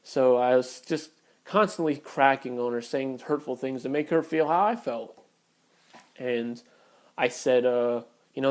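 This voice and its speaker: A man's voice: medium pitch, moderate pace. A man telling a personal story on camera in a blunt, profane, heated way. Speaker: vlogger. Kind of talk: casual storytelling rant.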